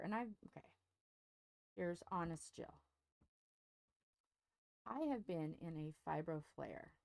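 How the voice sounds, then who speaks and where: A woman hosting a crafting channel in casual chat, frank and rambling, her strained, scratchy voice dipping up and down and turning squeaky. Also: vocal fry, darkish tone, no room sound. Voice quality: voice dips up and down in pitch, turns squeaky. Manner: frank, rambling, self-deprecating.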